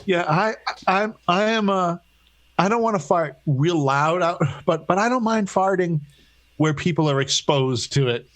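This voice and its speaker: A man's voice: high-pitched, expressive, a little slow, fairly bright tone, no echo. An older man, a co-host with grandchildren, telling crude, profane stories in a casual comedic chat. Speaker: podcast co-host.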